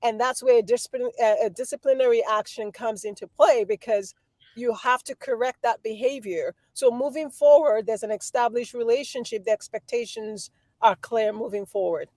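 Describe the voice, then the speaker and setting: A woman in her thirties, a guest, explaining calmly and giving everyday examples. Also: fairly high pitch, no room sound. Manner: measured, gives examples, repeats words. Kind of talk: explanatory talk.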